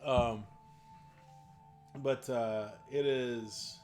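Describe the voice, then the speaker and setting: A man's voice: medium pitch, fairly even intonation, extremely slow, darkish tone, soft background music. A man who runs tabletop games, answering viewer questions in a casual live stream. He rambles with enthusiasm and laughs often. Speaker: game master streaming a Q&A.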